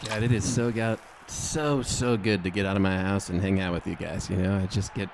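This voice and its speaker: A man's voice: low voice, fairly even intonation, a little fast, vocal fry, slight background noise. A man improvising as an upbeat sales boss who keeps praising his staff, chummy and overly encouraging. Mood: gushing. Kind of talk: improvised comedy scene.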